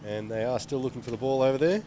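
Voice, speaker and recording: A man's voice: mid-range voice, quick pace, warm tone. A man doing wry, teasing live co-commentary at a local cricket match. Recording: outdoor stream with background noise.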